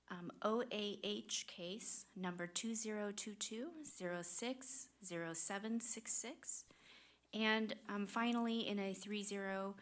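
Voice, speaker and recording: A woman runs a public school board meeting and moves through the agenda in a procedural way. She reads votes and case numbers aloud, pausing often with "um" as she goes. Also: mid-range voice.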